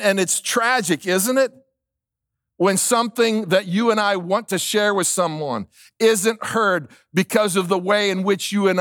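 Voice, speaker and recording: A man's voice: sits high, fairly bright tone, dry recording, studio quality. A male pastor preaching a sermon, emphatic, repeating key lines and asking the congregation questions.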